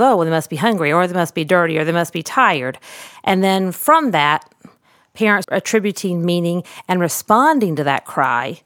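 A middle-aged woman with a fairly low voice walks through child speech milestones as a podcast host. Her talk is conversational and explanatory, full of casual asides. The recording is dry and close, with no room sound. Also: no room sound. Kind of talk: solo educational podcast talk.

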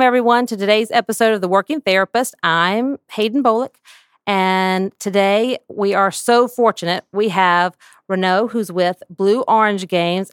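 A woman with a Southern US accent hosting a podcast interview, chatty and upbeat and quick to laugh. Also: mid-range voice, clean tone, no room sound, clean studio sound. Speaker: podcast host.

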